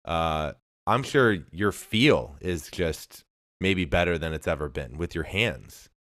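A man's voice: sits low, expressive, slow, fairly bright tone, no room sound, clean studio sound. A man hosting a podcast, asking earnest, reflective interview questions. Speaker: podcast host.

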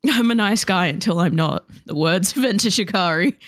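A woman co-hosting a podcast, telling an animated story with laughter and swearing. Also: on the low side, moderate pace, no room sound, studio quality. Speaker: podcast co-host. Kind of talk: casual chat.

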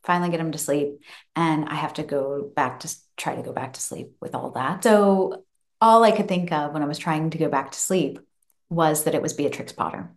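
Lower-voiced woman telling a spooky story. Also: normal speed. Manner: animated, acts out the child's voice with laughs. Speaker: podcast host. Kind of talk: casual storytelling. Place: home office room.

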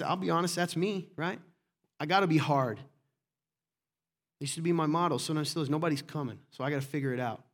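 A middle-aged man preaching a sermon as a pastor, passionate and emphatic, often rising into loud bursts. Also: fairly high pitch.

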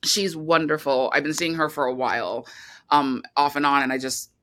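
Bright, rambling woman interview guest. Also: sits low, steady tone, moderate pace. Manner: rambling, restarts, many "like" fillers. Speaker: documentary filmmaker, guest. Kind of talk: casual interview talk.

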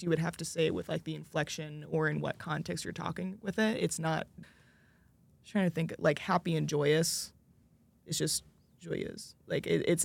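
A young man from the United States speaks casually on a student panel, his voice a little higher than most men's and full of gravelly fry. He rambles and hunts for examples with lots of "like.". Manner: rambling, searches for examples, many "like" fillers. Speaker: student studying French.

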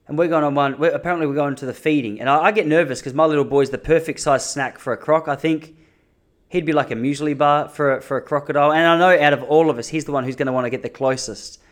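A man's voice: on the high side, fairly even intonation, fast talker. An Australian man talking casually in a vlog from an apartment lounge room, rambling and joking at his own expense. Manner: joking, rambling, self-mocking. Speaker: vlogger.

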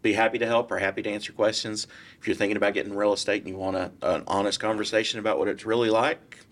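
A man's voice: lowish voice, quick pace. A man, a guest real estate broker telling a story casually and acting out the quotes in changing voices. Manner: animated, acts out quotes in different voices.

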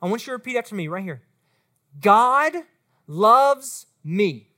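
A woman preaches as a youth pastor to middle school students, animated and speaking straight to them. Her voice is mid-range and her pace a little slow.

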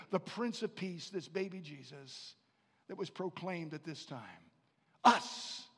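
A man preaching a sermon, swinging from hushed lines to loud, rising climaxes and repeating phrases for emphasis. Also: high-pitched. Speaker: pastor. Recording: long reverb in a hall.

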